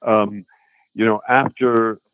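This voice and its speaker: A man's voice: fairly low pitch, little pitch movement, slow pace, fairly bright tone, clean tone, highs cut off. An older actor recalling his work in an interview, speaking hesitantly, with many restarts and ums. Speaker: guest actor. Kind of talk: interview recollection.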